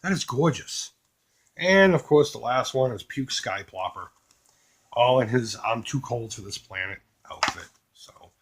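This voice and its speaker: A man casually showing off a box of collectibles, joking crudely and doing quick mocking voices for the pictures. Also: medium pitch, breathy edge. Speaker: retro collecting YouTuber. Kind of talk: casual unboxing commentary.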